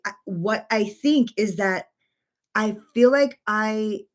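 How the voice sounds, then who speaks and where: A woman in her forties chatting casually on a makeup livestream from her bedroom, rambling with lots of fillers and free swearing. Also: fairly high pitch. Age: 40s.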